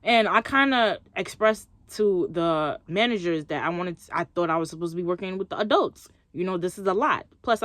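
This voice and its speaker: A woman's voice: lowish voice, dry recording. A young woman vlogging, chatting expressively as she tells a story and acts out what others said. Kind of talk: casual storytelling to camera.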